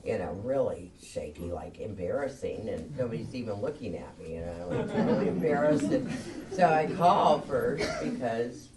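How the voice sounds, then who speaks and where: A woman's voice: a bass voice, sing-song, moderate pace, a loud crowd. A woman speaking at a recovery meeting, telling her story candidly and laughing at herself as she goes. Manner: candid and self-mocking, laughs often. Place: meeting room. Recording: distant mic with faint noise.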